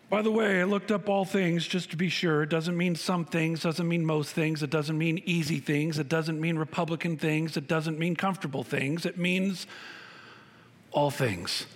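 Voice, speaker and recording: A man preaching a sermon as pastor, emphatic and repetitive, with wide swings in pitch. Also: fairly even intonation, normal speed.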